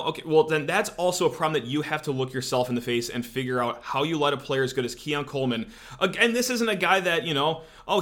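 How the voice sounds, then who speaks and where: Male sports host, bright, slightly high voice, sarcastic and animated, fillers. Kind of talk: opinionated sports commentary.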